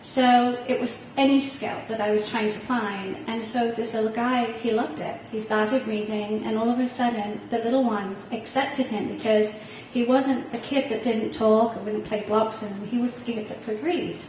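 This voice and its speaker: A woman's voice: on the high side, fairly even intonation, moderate pace, few pauses, darkish tone, a little hiss or hum. A middle-aged woman, a parent on a panel, telling a heartfelt personal story with some laughter, recorded from a distance in a hall. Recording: echoey room heard from far off.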